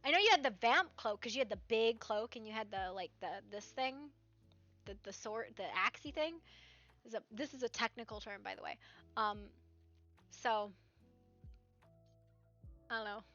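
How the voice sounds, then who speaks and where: A woman streamer chatting casually about a roleplay game, rambling and animated, often tagging "right?" onto her points. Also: a little high, moderate pace, pauses often, no echo. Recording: slightly dull stream mic with faint music.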